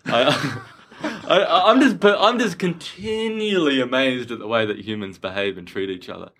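A man's voice: mid-range voice, lively intonation, moderate pace, a bit bright. An Australian man co-hosting a podcast, chatting casually and rambling with lots of restarts. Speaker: podcast co-host. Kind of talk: casual chat.

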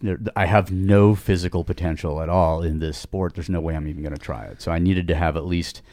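A man's voice: deep voice, steady tone, a little fast, warm tone, dry recording. A middle-aged man telling a long casual story on a podcast, rambling with many restarts and asides. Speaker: podcast guest.

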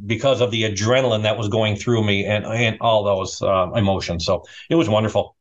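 A man's voice: lowish voice, a little fast. Middle-aged male guest, chatty storyteller, repeats himself, dull lo-fi mic. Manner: animated, rambling, repeats words. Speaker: award-winning restaurant owner, guest. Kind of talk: casual storytelling. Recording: dull lo-fi sound.

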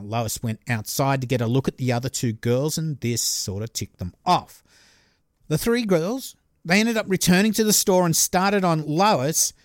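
A man's voice: on the high side, no echo, studio quality. An Australian man hosting a podcast, telling a true-crime story in a casual, chatty way with laughing asides. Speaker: podcast host.

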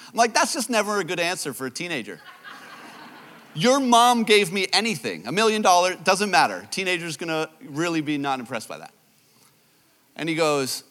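A man, a youth pastor, preaching a sermon and telling self-deprecating stories in an animated way. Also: on the high side, moderate pace, in a large hall. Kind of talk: sermon with storytelling.

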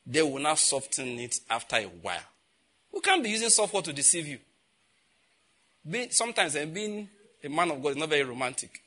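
A man in his fifties with a Nigerian accent, a pastor preaching and telling personal stories, growing loud and emphatic when he acts out conversations. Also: fairly high pitch, fairly quick. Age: 50s. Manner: animated storytelling, grows loud and emphatic when acting out dialogue.

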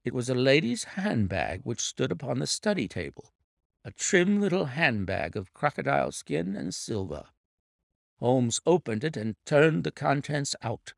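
A man reading a detective story aloud in measured, expressive storytelling narration. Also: mid-range voice, creaky, no echo, clean studio sound. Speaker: audiobook narrator. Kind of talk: scripted narration.

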